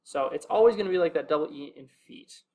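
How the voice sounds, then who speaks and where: Young male teacher with a somewhat high voice, easygoing and full of fillers, who slows down to spell out each example. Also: slight background noise. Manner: relaxed, with many fillers, slows to sound out example words. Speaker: language teacher. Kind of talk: casual video lesson.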